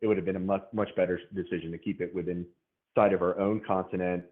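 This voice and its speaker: A man's voice: low voice, level tone, fast. A man calling into a casual debate, hesitant and restarting his sentences often. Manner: hesitant, restarts and repeats words. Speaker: caller in a debate. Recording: tinny phone line.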